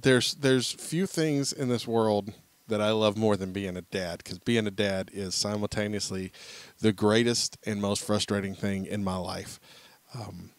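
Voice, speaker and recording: Low-voiced dad telling stories on a podcast. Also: male voice, unhurried, no room sound. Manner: animated storyteller acting out quotes. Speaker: podcast co-host. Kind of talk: casual chat, storytelling.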